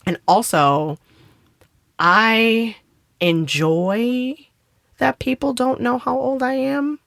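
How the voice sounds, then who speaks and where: A woman in her thirties co-hosts a podcast, chatting casually and telling stories with lots of swearing. She's an animated storyteller who acts out quotes with big jumps in pitch. She speaks slowly, and the recording is studio quality with no echo.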